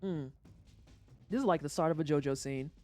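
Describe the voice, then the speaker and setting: A livestreamer chatting casually over a video game, joking and swearing, with sudden high-pitched outbursts. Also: moderate pace, a little mellow, faint music behind. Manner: chatty storytelling aside while playing. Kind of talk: casual gameplay commentary.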